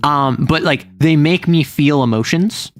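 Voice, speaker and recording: A man chatting casually on a livestream, rambling and stammering through restarts, animated and quick to laugh. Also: a little high, faint music behind. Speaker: streamer.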